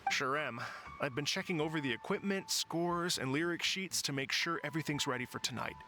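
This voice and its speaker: A man voicing a calm, earnest musician who organizes a rock festival and announces its acts in a game. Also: on the high side, fairly quick, a little hiss or hum.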